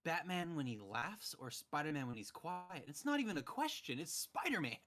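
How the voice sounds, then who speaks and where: Bright-voiced young man telling animated stories. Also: a little high, normal speed. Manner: animated storytelling, acting out quotes. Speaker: podcast host. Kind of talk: casual chat.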